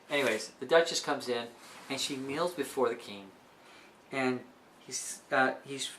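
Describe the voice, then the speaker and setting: A woman's voice: very deep voice, fairly bright tone, slight background noise. A woman retelling a play in an enthusiastic, chatty way, often checking in with her listeners. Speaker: book reviewer and teacher. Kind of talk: casual explanatory retelling.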